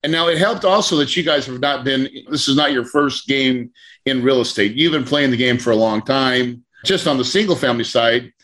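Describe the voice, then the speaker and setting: A man coaching a real estate deals class tells a story, acting out quotes in a lively, animated way. His voice is mid-range and a little fast.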